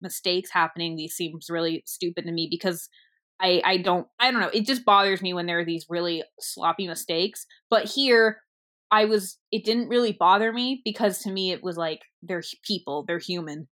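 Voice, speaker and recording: A woman's voice: fairly low pitch, normal speed. Young woman animatedly retelling a film. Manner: animated storytelling, acting out quoted lines. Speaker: movie reviewer. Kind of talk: casual chat.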